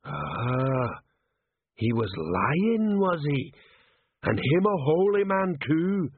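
A man voicing a big, slow-witted male troll sergeant who talks in simple, literal sentences, heard through a tinny line. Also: big pitch swings, slightly rough, exaggerated voice. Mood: deadpan. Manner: slow, literal-minded, rumbling, plain grammar. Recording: tinny dry phone-like sound.

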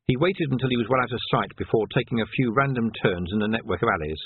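A man reads a comic story aloud with wry, expressive timing. His voice rises and falls a lot and is slightly husky. The recording is dry and narrow, like a phone line. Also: medium pitch, quick pace, few pauses, no room sound. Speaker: audiobook narrator. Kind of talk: storybook narration.

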